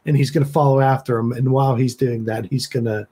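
Husky-voiced man playing a tabletop game. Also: medium pitch, steady tone, fast talker, mellow. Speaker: player. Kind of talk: casual tabletop play.

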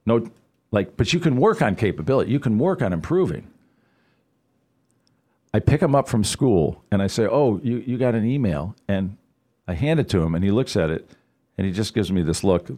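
Deep-voiced middle-aged guy on a radio show, tells stories and does the voices, really lively pitch. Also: moderate pace, pauses often. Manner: animated storyteller, acts out quoted voices. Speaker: guest, financial advisor. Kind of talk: casual storytelling on a radio talk show.

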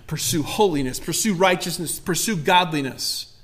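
High, bright-voiced man preaching passionately. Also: moderate pace. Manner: impassioned, emphatic preaching with repeated exhortations. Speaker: pastor. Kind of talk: sermon.

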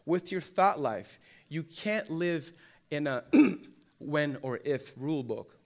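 A man's voice: a little high, slow. A young man preaching a sermon in church, telling funny stories with lots of energy and acting out the quotes. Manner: animated storytelling, acts out quotes and jokes. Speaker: pastor. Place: church hall.

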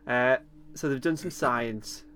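A man co-hosting a podcast, recapping an episode in relaxed chat, laughing often and pausing with lots of ums. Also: medium pitch. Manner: chatty, laughs often, hesitant with many ums. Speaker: podcast co-host.

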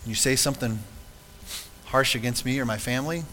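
Bright-voiced male pastor preaching in a hall. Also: mid-range voice, a little fast, slight background noise. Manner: earnest, conversational preaching with rhetorical questions. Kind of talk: sermon. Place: church sanctuary.

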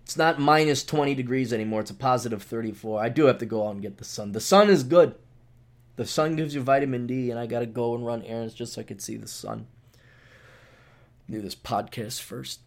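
A man's voice: mid-range voice, a little fast, creaky. A man hosting a casual podcast monologue, talking in a sarcastic, ranting way. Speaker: podcast host.

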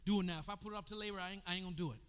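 Man preaching in a big hall, long echo, voice sharp and bright, goes quiet then shouts. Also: very fast, clear, resonant tone. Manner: preaching, swinging from low talk to shouted calls. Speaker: pastor. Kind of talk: sermon.

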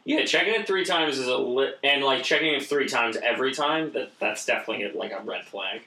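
A man chatting casually as a podcast co-host, playful and quick to act out quoted voices. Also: medium pitch, animated, bright, forceful tone. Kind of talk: casual chat. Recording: roomy echo.

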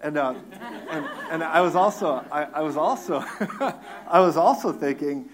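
A man who is a minister, telling his own story on a talk show, lively and laughing, acting out his crying with big swings in voice. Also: on the high side, measured pace, a little hiss or hum.

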